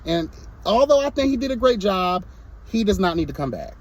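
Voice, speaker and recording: A man's voice: high-pitched, sing-song, fairly quick. A young man reviewing a reality show in a casual vlog, sassy and blunt, breaking into mocking impressions.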